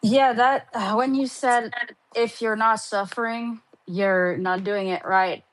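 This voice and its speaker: A woman's voice: fairly high pitch, fairly even intonation, slow, low-quality recording. A woman joining an audio chat to ask a question in a casual, conversational way. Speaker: participant asking a question.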